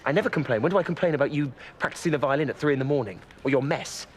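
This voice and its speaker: A man's voice: fairly high pitch, racing, a little hiss or hum, lightly acted. An actor playing an exasperated male doctor sidekick who complains indignantly, in period film dialogue.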